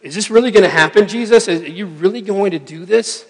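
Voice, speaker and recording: Man voicing a squeamish young male disciple, raised voice, incredulous and rushed, long hall reverb. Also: sits high, pitched above the performer's own voice.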